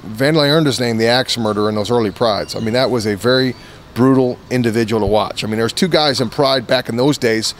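Casual male guest, mid-pitched voice, rambling storyteller, lots of restarts, faint background noise. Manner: rambling anecdotes full of "you know" and restarts. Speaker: interview guest, former fighter.

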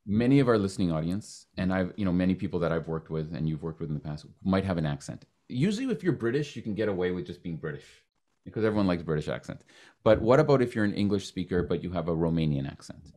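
A man from Canada hosting a podcast, talking in an animated, joking way with quick restarts. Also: low voice. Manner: animated, talks fast with restarts and jokes. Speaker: podcast host. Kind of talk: casual interview chat.

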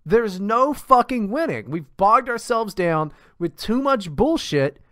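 A man's voice: high voice, big pitch swings, slow pace, fairly bright tone, dry recording, clean studio sound. A man co-hosting a podcast, ranting in a profane, exasperated casual chat with many restarts. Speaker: podcast co-host.

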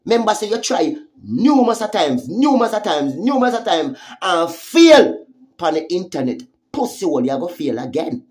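A woman's voice: lowish voice, very animated, normal speed, a little mellow. A woman with a Jamaican accent giving a heated, profane vlog rant, confronting someone with repeated taunting questions. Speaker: social media commentator.

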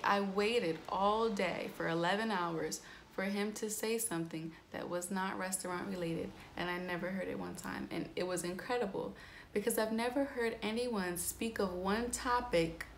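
A woman's voice: mid-range voice, moderate pace, slight background noise. A young woman chatting candidly in a casual vlog, swearing freely and filling her speech with "like" and "um". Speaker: astrology vlogger.

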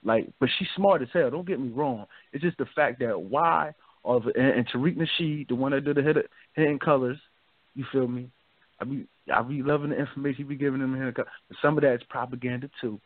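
A man's voice: medium pitch, quick pace, no room sound. A man hosting a radio talk show, chatting loosely and often asking "you feel me?". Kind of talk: casual discussion. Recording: dry, phone-like narrow sound.

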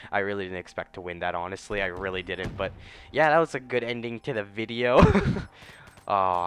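A young man with a slightly low voice narrates his own gameplay in a loose, rambling way. His talk drifts between topics, then he breaks into sudden profane jabs at other players. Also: a bit bright. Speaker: gaming YouTuber and streamer. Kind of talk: casual gameplay commentary.

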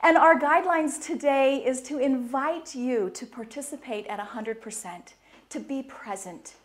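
A middle-aged woman giving a lively inspirational talk to an audience, laughing and quizzing them as she goes. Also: high-pitched, unhurried. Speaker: speaker at a women's conference.

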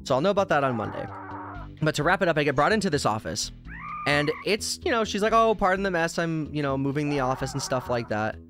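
A man's voice: fairly high pitch, sing-song, fast. A man streaming a video game, telling a long, tangential personal story in casual chat and swearing freely. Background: game music.

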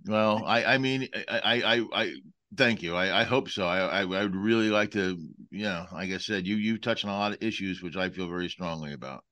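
A man's voice: low-pitched, a little fast, pushed and bright, no echo. A male podcast host speaking earnestly, often repeating words as he starts. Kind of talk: casual chat.

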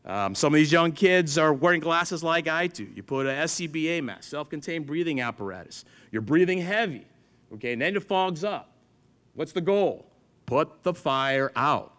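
A middle-aged museum chief engineer animatedly tells stories to an audience, acting out dialogue with other people. His voice sits on the high side, bright-ish and expressive, at a normal speed.

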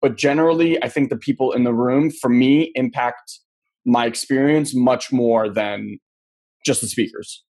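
Male podcast host, loose and chatty, mid-pitched. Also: unhurried, a little mellow. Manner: loose and chatty, many fillers. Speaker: interview host. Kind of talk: casual interview.

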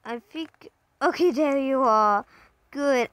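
A woman's voice: sits high, sing-song, slow pace, vocal fry, fairly bright tone, no echo, poor audio. A young woman playing a game and talking aloud as she plays, chatty, repeating words in bursts with sudden yelps. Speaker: gamer playing a parent role. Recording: game music playing behind.

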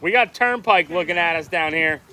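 A man's voice: fairly high pitch, normal speed, pushed and bright. A man joking dryly while co-hosting a live stream. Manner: dry, joking remarks.

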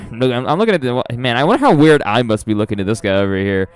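A man's voice: mid-range voice, sing-song, fast, few pauses, clean tone. A young adult man streaming a horror game, nervous and rambling, with frequent laughs and restarts. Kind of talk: live gameplay commentary.

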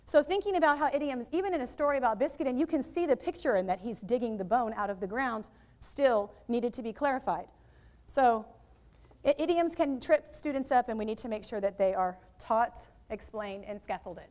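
Speaking a little high and brisk, a middle-aged woman leads educators through a teacher training workshop in a room. Her talk is animated and conversational, full of audience asides, picked up by a worn mic.

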